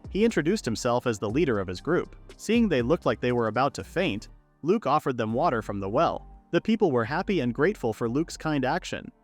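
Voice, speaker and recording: A man narrates a story recap in a steady, scripted read. His pitch moves up and down in a lively way. Soft music plays quietly underneath. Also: brisk. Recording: narration with faint background music.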